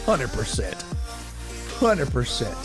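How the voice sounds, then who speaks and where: A man's voice: mid-range voice, very animated, slow, over music. A man hosting a live-streamed sports talk show, ranting with lots of profanity and answering viewer chat.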